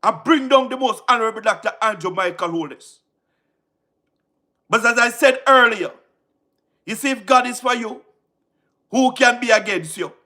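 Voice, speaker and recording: His voice extremely high and sharp, a man with a Jamaican accent talks politics passionately on a livestream at a moderate pace, pausing often. He is emphatic and repeats himself, leaning on frequent rhetorical questions with laughter between his points.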